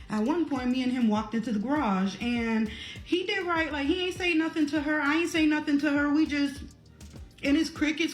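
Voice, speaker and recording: A young woman telling a family drama storytime in a casual, blunt and profane way. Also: fairly high pitch. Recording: roomy echo with faint music.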